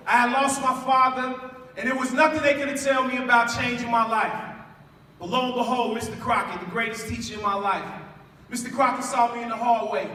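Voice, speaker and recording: A man in his late forties from Chicago's West Side, giving a preacherly spoken-word speech to a school audience, calling for responses and building to loud emphatic lines. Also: extremely high pitch, slight background noise. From West Side of Chicago, USA. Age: 40s. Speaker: spoken word poet and speaker. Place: large school hall. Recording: echoey hall from far off.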